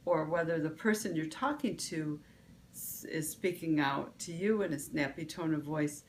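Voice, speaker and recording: A woman's voice: low voice, moderate pace, slight background noise. A woman vlog host, giving a casual motivational talk, rambling with restarts and fillers.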